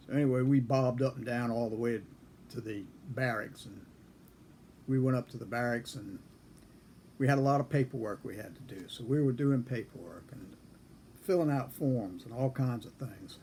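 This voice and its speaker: A man in his seventies casually telling a story from his service days, unhurried and chuckling now and then. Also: medium pitch, dark tone, a little hiss or hum. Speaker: storyteller recalling military service.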